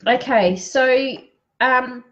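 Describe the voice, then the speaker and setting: The recording is muffled as a psychic card reader works through a live-streamed session, greeting viewers by name, reading affirmations aloud and sniffling slightly. Her voice sits high and fairly bright, and she speaks very slowly.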